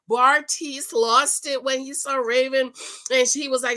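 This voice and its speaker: A woman talks through a reality show episode in a casual, gossipy recap. Her voice sits high and bright, and she jumps into quick, animated impressions of the cast as she goes.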